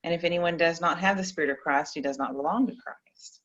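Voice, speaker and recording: A woman reading scripture in a measured way, then chatting playfully with a child on a video call. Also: lowish voice, a bit bright, muffled recording.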